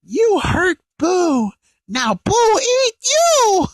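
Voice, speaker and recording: A man voicing a childlike male monster who is gleefully menacing, speaking high and slowly in a chanting way. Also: wildly swooping pitch, no room sound, heavily acted. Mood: menacing glee.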